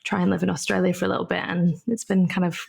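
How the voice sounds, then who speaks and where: A woman in her early thirties with a gravelly edge to her voice. She speaks as a guest in a relaxed podcast interview. Her storytelling is chatty and comes in quick bursts. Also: on the low side. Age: 30s. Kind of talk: casual interview chat.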